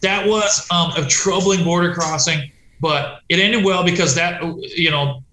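A man's voice: high-pitched, measured pace, sharp tone. A man, a touring punk musician, telling stories in a rambling, profane, casual way and acting out quoted voices. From United States. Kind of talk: casual storytelling chat. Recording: roomy echo.

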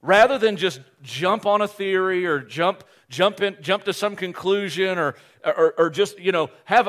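A male pastor preaching a sermon, animated and joking at his own expense, often restarting his phrases. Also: high voice. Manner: animated, joking, self-deprecating, with quick restarts.

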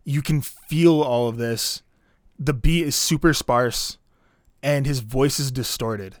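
A man's voice: medium pitch, slow pace, dry recording, studio quality. A man co-hosting a casual podcast, talking through an album track by track with lots of "like" fillers. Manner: relaxed, rambling, many "like" fillers. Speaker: podcast co-host reviewing an album. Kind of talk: casual chat.

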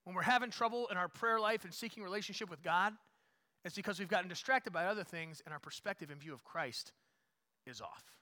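A man preaching a sermon as pastor, repeating his points, rising to loud emphatic peaks and dropping to quiet asides. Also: high-pitched, fairly quick. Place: church.

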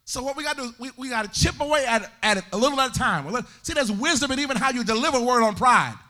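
A male pastor preaching a sermon in a church, swinging into sung and shouted climaxes. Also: very high-pitched, lively intonation, racing.

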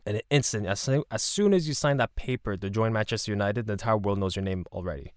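Relaxed low-voiced man telling stories. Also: quick pace, no room sound, clean studio sound. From Canada. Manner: relaxed, rambling, laughs often. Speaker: podcast host. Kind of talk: casual solo podcast storytelling.

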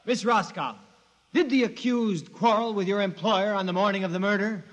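An actor playing a prosecutor questioning witnesses in an old radio drama. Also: male voice, sits high, moderate pace, heavy background noise, lightly acted. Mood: probing. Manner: formal questioning. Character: probing male prosecutor. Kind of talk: 1950s radio drama acting. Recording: reverberant with faint music.

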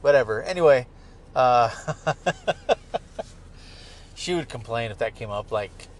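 Car and traffic sounds surround this middle-aged podcast host as he drives and rambles, joking and swearing in a relaxed way. He speaks slowly in a mid-range voice with lively intonation.

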